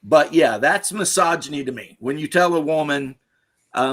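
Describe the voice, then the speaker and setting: A man's voice: on the high side, lively intonation, moderate pace, pushed and bright. A middle-aged man, a podcast host, giving his opinions in a blunt, crude, casual chat and laughing at his own stories.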